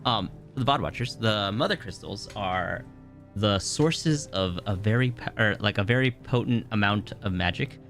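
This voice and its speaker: Streamer commentary: young man with a lowish, gravelly voice, rambling and casual over faint game music. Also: lively intonation, moderate pace, a bit bright. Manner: rambling, many "like" fillers.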